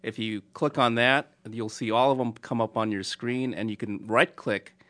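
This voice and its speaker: A man's voice: mid-range voice, steady tone, moderate pace, fairly bright tone. A man on a podcast explaining download steps plainly, with a few fillers. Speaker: podcast tech helper. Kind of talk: casual chat.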